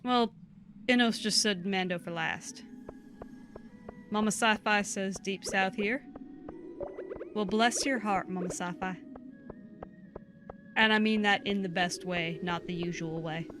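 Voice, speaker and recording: A woman with a Southern US drawl co-hosts a game stream. She talks in a loose, rambling way at an ordinary pitch and reads viewers' comments aloud between tangents. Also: a little slow, over music. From southern United States. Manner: chatty and rambling, reading chat aloud. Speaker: co-host of a game livestream. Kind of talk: casual livestream chat.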